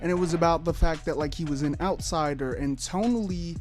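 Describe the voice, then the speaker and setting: A man's voice: a little high, a little fast, faint music behind. A man giving a casual video essay as a YouTuber, joking and rambling with lots of fillers and swearing.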